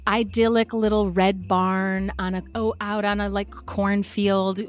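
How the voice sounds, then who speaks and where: A woman's voice: mid-range voice, little pitch movement, unhurried, soft background music. A woman co-hosting a podcast, telling a personal story in casual chat and acting out her parents' lines. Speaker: podcast co-host.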